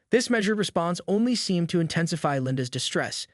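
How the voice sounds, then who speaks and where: Dry, slightly high male narrator. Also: a little fast, hardly any pauses, no room sound. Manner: even, descriptive storytelling. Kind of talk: scripted story narration.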